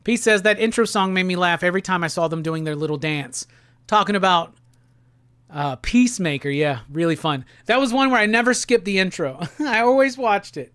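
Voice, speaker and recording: A man hosting a casual live stream. He talks in a laid-back, slangy way and reads viewer comments aloud in quick bursts. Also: sits high, fairly bright tone, clear, resonant tone, no room sound, studio quality. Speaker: livestream host. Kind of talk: casual livestream chat, reading viewer comments.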